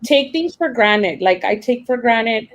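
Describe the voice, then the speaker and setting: A woman's voice: on the high side, lively intonation, unhurried, rough recording. Young woman teacher, candid and emotional, talks in loose restarts. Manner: emotional, rambling with many fillers and restarts. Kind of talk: casual personal account.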